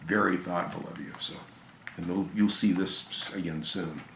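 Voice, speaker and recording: A tired, hoarse man chatting casually and gratefully about games he received, rambling with fillers and restarts. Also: deep voice, fairly even intonation, moderate pace, reverberant, very noisy. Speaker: gaming channel host. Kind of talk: casual video chat about game pickups.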